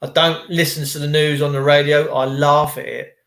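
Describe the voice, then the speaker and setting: A man's voice: a little high, flat delivery, moderate pace, gravelly, fairly bright tone. A man vlogging a rambling, preachy spiritual monologue to his viewers in casual slang. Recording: echoey room.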